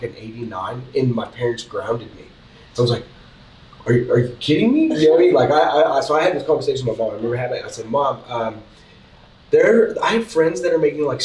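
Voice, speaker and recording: Male parent on a discussion panel, mid-pitch, chatty, picked up from afar in a roomy space. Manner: storytelling, chatty, frequent "you know what I mean". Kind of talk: casual chat. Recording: echoey room, mic at a distance.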